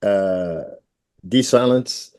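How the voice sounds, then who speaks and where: A man's voice: fairly low pitch, slow pace, a little mellow, clean tone, dry recording, clean studio sound. A man in his thirties co-hosting a podcast, laid-back and chiming in with short remarks. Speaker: podcast co-host. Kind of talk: casual chat.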